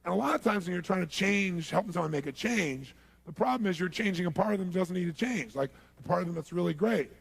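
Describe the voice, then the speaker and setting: Gravelly husky man telling a story on stage. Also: high voice, quick pace, hardly any pauses, no room sound. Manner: animated, swings to shouting while acting out scenes. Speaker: motivational speaker. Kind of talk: storytelling seminar talk.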